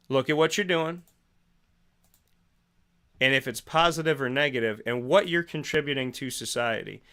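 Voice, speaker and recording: Medium in pitch, bright and forceful with some vocal fry, this man's voice carries a preachy motivational morning talk. He poses rhetorical questions, hammers home repeated phrases, and voices both sides of conversations he imagines.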